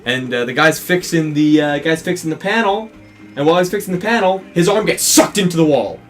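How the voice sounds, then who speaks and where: A man's voice: fairly high pitch, lively intonation, a little fast, soft background music. A man co-hosting a let's play, casually retelling a film plot in a rambling way, with many restarts and acted-out quotes.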